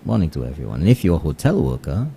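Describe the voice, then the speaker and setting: Deep-voiced Saint Lucian radio host. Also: male voice, quick pace, creaky, breathy edge. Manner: switches between English and Kweyol, animated greetings. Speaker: radio morning show host. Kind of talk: casual radio chat and shout-outs.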